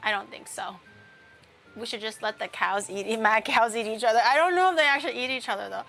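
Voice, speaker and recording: A young woman livestreams from her kitchen in a bright, forceful voice set a little high. She chats loosely and rambles from one playful tangent to the next, leaning on fillers as she bakes. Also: quick pace, gravelly, soft background music. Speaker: VTuber streamer. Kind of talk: casual livestream chat while baking.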